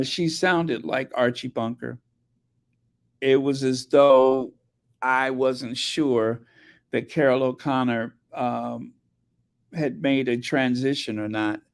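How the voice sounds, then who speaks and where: A male host in casual commentary, voice sitting in a medium pitch. He speaks very slowly, hesitating and restarting as he goes. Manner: hesitant, many fillers and restarts. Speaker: channel host.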